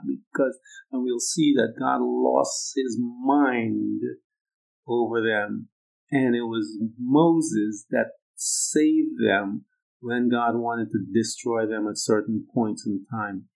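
A male preacher giving a sermon, emphatic, repeating his points and moving between loud urging and quiet low stretches. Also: steady tone, unhurried, vocal fry, rough recording.

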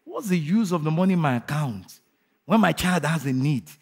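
A man preaching a fervent sermon who asks his congregation questions and leads them in shouted declarations. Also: on the high side, expressive, moderate pace, breathy edge. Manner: asks the crowd rhetorical questions. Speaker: pastor.

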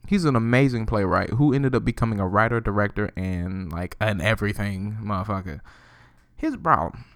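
A man hosting his own podcast, ranting solo in a profane, animated way and laughing often. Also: on the low side, brisk, dry recording, studio quality. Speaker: podcast host.

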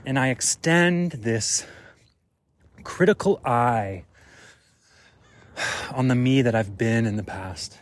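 Slow, musing man talking on a walk. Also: mid-range voice, expressive. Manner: musing, thinks aloud with many fillers. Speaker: podcast host. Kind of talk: reflective solo monologue. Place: outdoors on a walk.

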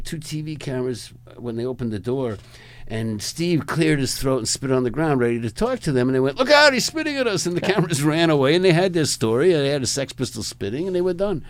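A man's voice: mid-range voice, brisk, few pauses, a little mellow, no echo. An older man, a rock photographer, telling long, rambling stories as a guest in a conversation and chuckling between them. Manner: rambling, chuckling, acts out other people's lines. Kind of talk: anecdotal storytelling in a conversation.

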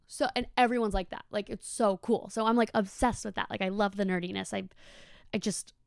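Chatty young woman with a smooth voice. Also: medium pitch, fairly even intonation, brisk, no room sound, studio quality. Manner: chatty, lots of "like" and swearing. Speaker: podcast host. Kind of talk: casual monologue.

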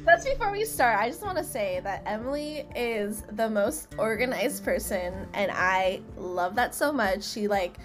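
A woman's voice: medium pitch, expressive, unhurried, hardly any pauses, over music. A young woman guesting on a podcast, chatting playfully with nervous laughter. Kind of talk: casual chat.

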